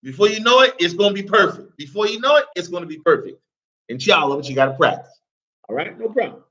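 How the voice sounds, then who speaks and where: A man's voice: high voice, expressive, fast talker, sharp tone, muffled recording. A man teaching an Arabic class, talking casually, repeating phrases and asking his students questions. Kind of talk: live classroom lesson.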